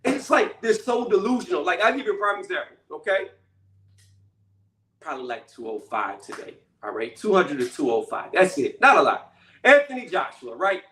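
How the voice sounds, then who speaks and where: High, bright-voiced man ranting casually. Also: very animated, normal speed. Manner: blunt, emphatic, repeats "okay" and "right". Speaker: channel host. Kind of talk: casual commentary rant. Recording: echoey room, mic at a distance.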